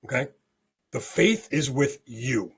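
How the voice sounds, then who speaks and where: A man guest on a spiritual podcast, telling a story in an animated way and often checking in with "okay?". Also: mid-range voice, slow pace, vocal fry, breathy edge.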